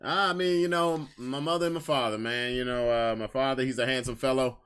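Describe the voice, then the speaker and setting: A man's voice: mid-range voice, fairly even intonation, fairly quick, a bit bright, clean tone. A young man hosting a casual podcast stream, talking candidly in slang and repeating lines for emphasis. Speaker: podcast host. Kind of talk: casual livestream chat.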